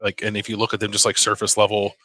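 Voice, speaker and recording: A man co-hosting a casual sports podcast, chatty and quick to laugh, with lots of fillers. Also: fairly low pitch, completely flat delivery, fairly bright tone, no echo. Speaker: podcast co-host.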